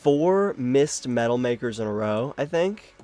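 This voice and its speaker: A man's voice: mid-range voice, measured pace, soft background music. A young man giving casual live commentary while he plays a card game, talking to himself, swearing and laughing at his luck. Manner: animated self-talk, swears, laughs at his own luck. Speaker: card game content creator.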